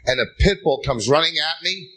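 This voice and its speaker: A man's voice: fairly high pitch, a little fast, poor audio. A man doing a stand-up routine on a club stage, firing off short jokes and tagging them with "okay?". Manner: punchy jokes tagged with "okay?" and "right?". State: tired. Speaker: stand-up comedian. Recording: live club show, crowd noise. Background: loud laughing audience.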